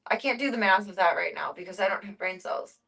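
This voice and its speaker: A woman's voice: medium pitch, fast, creaky, a bit bright, poor audio. A young woman streaming casual chat, talking freely with casual swearing. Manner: chatty, swears casually, coos in baby talk to her cats.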